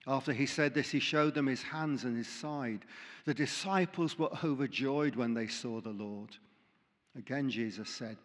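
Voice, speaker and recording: A man's voice: medium pitch, measured pace. Male preacher in a reverberant hall. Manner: reads scripture aloud with dramatic emphasis and light asides. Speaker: pastor. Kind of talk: sermon with scripture reading.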